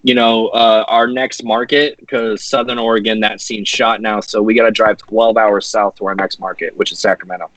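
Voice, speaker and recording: A man's voice: on the low side, level tone, moderate pace, few pauses, a bit bright, dry recording, low-quality recording. A man from Washington State, a guest musician talking in loose, profane casual chat. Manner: loose, profane, laid-back.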